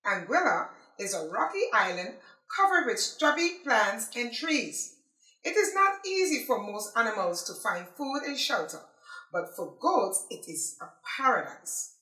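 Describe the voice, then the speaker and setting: A woman reading a children's picture book aloud as a library storyteller, in an expressive, animated way. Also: a little high, measured pace, roomy sound, poor audio.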